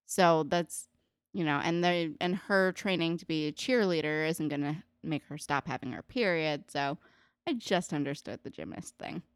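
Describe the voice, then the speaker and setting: Woman podcaster rambling about an episode, lowish voice, dry close sound. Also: moderate pace, clear, resonant tone, no room sound. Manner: animated, swearing, lots of "like". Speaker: podcast co-host. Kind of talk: casual chat recapping a TV episode.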